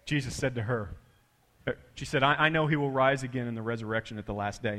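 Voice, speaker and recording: A man preaching a sermon with big swings in loudness and pitch, dropping to a hush for quoted words. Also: fairly even intonation, fast, long reverb tail. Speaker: pastor.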